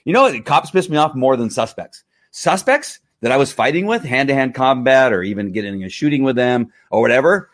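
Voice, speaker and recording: A man's voice: mid-range voice, lively intonation, fairly quick, few pauses, dry recording, studio quality. A man in his fifties talking candidly on a casual livestream as host, rambling with many fillers and restarts. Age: 50s.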